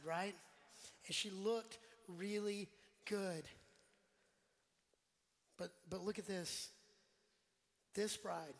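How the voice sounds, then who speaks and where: A male pastor preaching a sermon in a relaxed, conversational way, putting questions to the congregation and joking with them. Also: high-pitched. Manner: conversational, quizzes the congregation, jokes. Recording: long church hall reverb.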